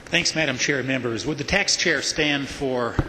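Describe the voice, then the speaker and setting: A man with a bright, mid-pitched voice questions a colleague during a floor debate and often pauses on "uh." He sounds like he is in a large chamber with long reverb. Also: a little hiss or hum. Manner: hesitant, with many "uh" fillers. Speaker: state representative.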